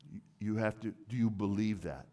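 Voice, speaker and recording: Earnest low-voiced male preacher. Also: normal speed, dark tone. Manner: earnest, emphatic preaching with repeated words and restarts. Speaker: pastor. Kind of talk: sermon.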